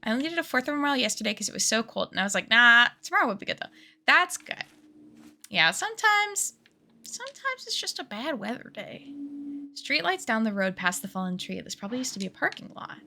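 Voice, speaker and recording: A woman streamer chatting casually while she plays a game, talkative and self-mocking and quick to laugh. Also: a little high, big pitch swings, gravelly, pushed and bright, slight background noise. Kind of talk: casual live-stream chat while gaming.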